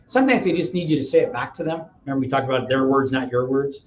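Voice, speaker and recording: A middle-aged man, a real estate agent, telling an energetic, persuasive story as a guest in an interview. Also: medium pitch, fast, reverberant, dull audio, slight background noise. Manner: energetic, acts out dialogues, persuasive.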